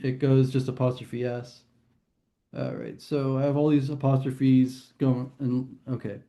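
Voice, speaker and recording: Running a relaxed test prep class, a man speaks in a fairly high, warm voice. He chats freely, reasons out loud, and makes quick self-corrections.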